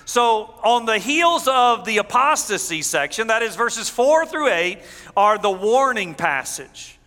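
High bright-voiced pastor preaching in a church, long reverb, drops low n soft on the bible verses. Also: male voice, sing-song, a little slow. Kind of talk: sermon. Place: church sanctuary.

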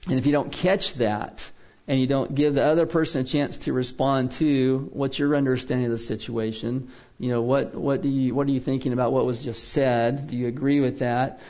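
In a relaxed, chatty way, a man teaching biblical counseling checks in with "okay?" again and again to keep his audience following. His middle-pitched voice is steady and a little mellow, captured on a dull, lo-fi recording.

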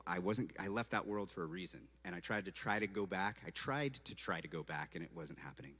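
A man from California telling his personal testimony as a story, animated and acting out his own past words, with "like" all through his talk. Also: sits low. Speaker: speaker giving a personal testimony. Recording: long hall reverb.

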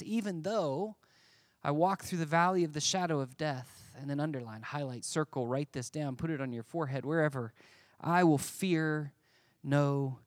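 A male pastor preaching a sermon to a congregation in an animated, emphatic way. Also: fairly high pitch.

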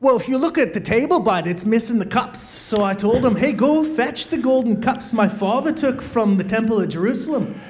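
A man's voice: very high voice, expressive, moderate pace. A man voicing a jokey, swaggering King Belshazzar in a church skit, with a put-on accent that wavers between Australian and British and a chummy manner. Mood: storytelling. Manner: chummy, calls everyone bud.

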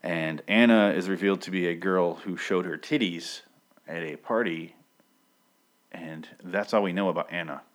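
A man's voice: sits low, normal speed. A man casually recapping a TV episode, rambling and profane, often correcting himself mid-sentence.

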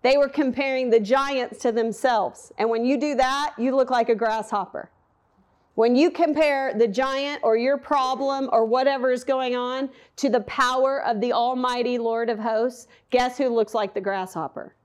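Woman preaching, high voice, chatty and animated, asks the crowd questions. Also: moderate pace. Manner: animated, acts out quotes and asks the audience questions. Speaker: bible teacher. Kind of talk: conversational sermon.

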